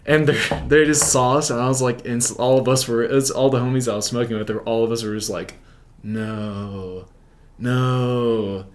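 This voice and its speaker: A man's voice: mid-range voice, steady tone, fast talker, few pauses. A young man telling a story as an interview guest, rambling, with filler "like" in nearly every sentence. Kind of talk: casual storytelling.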